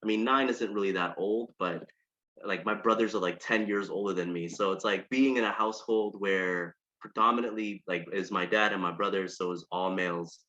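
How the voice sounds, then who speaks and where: Laid-back man, bright dull-sounding podcast audio. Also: deep voice, steady tone, normal speed. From Ethiopia. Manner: loose, joking, storytelling with many "like"s. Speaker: guest. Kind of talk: casual interview conversation.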